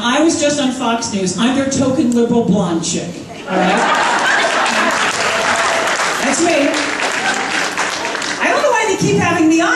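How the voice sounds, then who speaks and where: Woman in her 50s, high voice, punchy rally speaker working the crowd, heard far off in a reverberant hall with a faint audience. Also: noisy background. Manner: energetic, joking, call-and-response with the crowd. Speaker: conference speaker. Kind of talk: rallying conference speech. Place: large conference hall.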